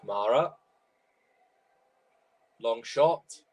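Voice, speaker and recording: Young man, from Wales, live watchalong commentary, casual and chatty, slight cough, medium pitch. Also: expressive, drawn-out words. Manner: chatty, reacts loudly to chances, chants along to songs. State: tickly cough, sore throat. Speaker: football watchalong streamer. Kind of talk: live match commentary and chat.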